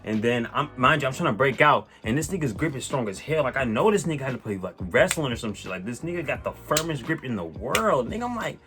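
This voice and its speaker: A man telling a personal story on his vlog in a casual, animated way, swearing and using lots of slang, with many restarts. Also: mid-range voice, fairly quick, hardly any pauses. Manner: animated, profane, slang-heavy, rambling with restarts. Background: faint music.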